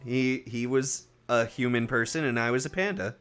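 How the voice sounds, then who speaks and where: A man's voice: medium pitch, moderate pace, fairly bright tone, clean tone. A man in his thirties, chatting casually and teasingly while streaming a game, laughing often.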